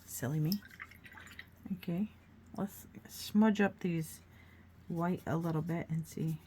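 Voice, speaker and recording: A woman's voice: on the low side, slow, warm tone, slight background noise. A woman hosting a casual painting demonstration, chatting and encouraging viewers while she works. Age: adult, grown child of a mother who paints. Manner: chatty, encouraging, thinking aloud while working. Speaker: art tutorial host.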